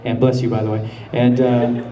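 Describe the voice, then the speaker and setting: A man's voice: mid-range voice, flat delivery, moderate pace, muffled recording. A man answering questions as the voice actor guest on a convention panel, laid-back and laughing often as he tells stories. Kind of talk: panel Q&A storytelling. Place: large convention hall. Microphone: handheld camera far from the stage. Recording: echoey hall from far off, audience. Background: audience murmurs and laughter.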